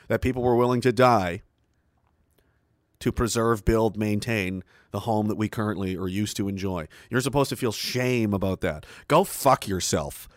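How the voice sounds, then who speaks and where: A man's voice: on the low side, no echo, studio quality. A middle-aged Canadian man delivering a combative, profane, mocking monologue. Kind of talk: ranting monologue.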